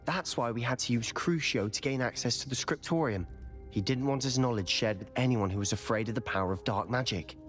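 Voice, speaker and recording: A man's voice: medium pitch, brisk, a bit bright, natural voice. A man voicing an earnest young wizard student. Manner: earnest, explanatory. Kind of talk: video game dialogue. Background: faint game music.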